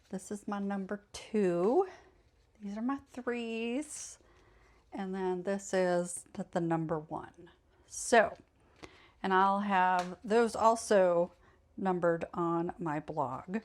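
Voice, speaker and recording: Slow, chatty woman crafter. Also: mid-range voice. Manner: chatty, meandering, self-correcting. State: tired, yawning late in the evening. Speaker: craft channel host. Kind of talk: casual craft tutorial.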